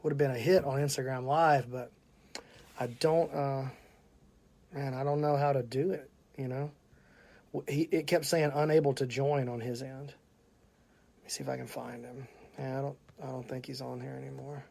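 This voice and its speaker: A man's voice: mid-range voice, fairly even intonation, moderate pace, gravelly. A man with a Southern US accent hosting a casual live stream, chatting and greeting viewers by name. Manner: chatty, shouting out viewers, laughing often. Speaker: podcast host.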